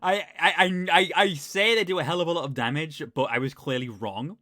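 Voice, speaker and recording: Bright, self-deprecating Northern English man. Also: fairly high pitch, a little fast, dry recording, clean studio sound. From Northern England. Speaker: YouTuber reacting to his old video. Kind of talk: casual commentary.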